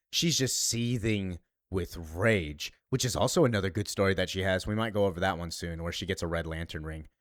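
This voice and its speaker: A man recapping a comic book story in a casual, animated way. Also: fairly low pitch, no room sound, studio quality.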